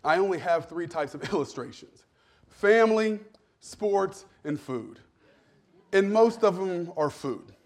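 Joking higher-voiced male pastor. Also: animated, a little slow. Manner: humorous, self-deprecating storytelling. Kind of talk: sermon.

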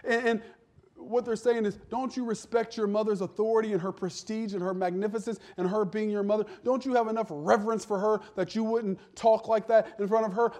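A man's voice: sits high, a little mellow. A man preaching a sermon in a conversational way, asking the listeners rhetorical questions and repeating words as he builds each point.

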